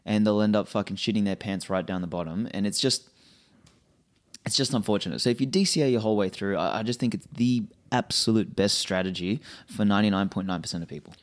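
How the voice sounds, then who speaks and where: Blunt, swearing man, low voice. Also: fast. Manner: blunt, profane, animated. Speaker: guest. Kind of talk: casual interview.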